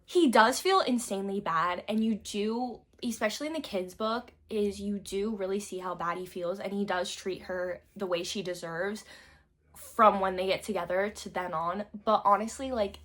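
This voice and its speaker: A young woman chatting casually about books, gushing with frequent laughs and swearing, swinging between loud bursts and soft asides. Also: medium pitch, moderate pace. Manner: gushing, swears often, many likes. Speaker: book reviewer. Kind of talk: casual book chat.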